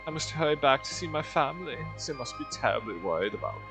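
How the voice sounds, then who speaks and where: A man's voice: fairly high pitch, expressive, fast, over music. A man voicing a kindly, self-important older male inventor with a put-on German accent, formal and stiff. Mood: earnest.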